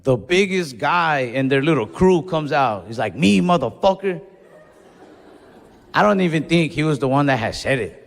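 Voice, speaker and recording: Young male comic, animated, in a reverberant club. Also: mid-range voice, moderate pace. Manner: animated, profane, self-mocking. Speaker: stand-up comedian. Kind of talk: stand-up storytelling. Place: comedy club stage. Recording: live club with reverb and faint noise.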